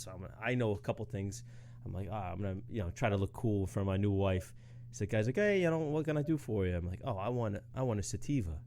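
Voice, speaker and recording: Low-voiced laid-back male podcast host. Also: a little mellow, a little hiss or hum. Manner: laid-back, swears freely, laughs often. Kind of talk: casual storytelling chat.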